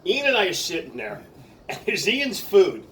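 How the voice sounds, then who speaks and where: A man with a fairly high voice tells loose, profane stories and keeps laughing as he goes. He sits a bit back from the microphone, and a faint hiss runs under the recording. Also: moderate pace. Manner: profane, laughing, animated storyteller. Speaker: comedian. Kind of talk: casual chat. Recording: distant mic with faint noise.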